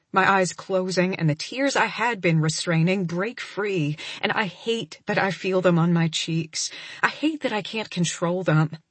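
A woman's voice: lowish voice, slightly rough, dry recording. A woman narrating a first-person romance audiobook in an intimate, emotional reading.

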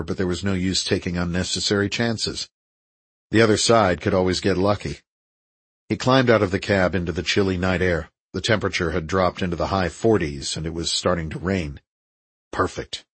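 A man reading a thriller audiobook in steady, measured scripted narration. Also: low-pitched, breathy edge, no room sound, poor audio.

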